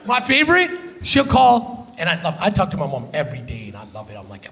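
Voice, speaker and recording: A man from Canada, a stand-up comedian on a theater stage, telling loud, profane family stories and keeping the crowd with him with "right?". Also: high voice, huge pitch swings, fast, creaky, slight background noise. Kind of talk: stand-up storytelling.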